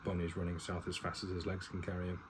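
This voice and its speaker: A man reading a gruff army officer, deep. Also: completely flat delivery, fast talker, background noise, natural voice. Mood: low, tender. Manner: plain reading, little acting.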